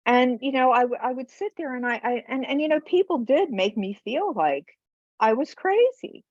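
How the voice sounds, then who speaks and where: Animated storyteller woman, muffled and dry. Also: high-pitched, moderate pace, no room sound. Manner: animated, acts out other people's words. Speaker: guest, bereaved mother. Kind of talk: emotional personal storytelling. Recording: dull lo-fi podcast audio.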